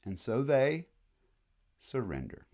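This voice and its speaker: A man giving a casual, animated history lecture, full of slang and quick acted-out asides. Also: mid-range voice.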